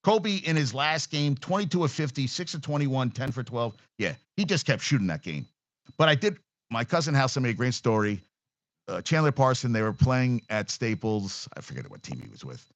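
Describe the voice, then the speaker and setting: A man's voice: medium pitch, sing-song, normal speed, dry recording, dull audio. Profane, blunt man ranting about sports. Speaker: sports talk host. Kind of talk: casual sports rant.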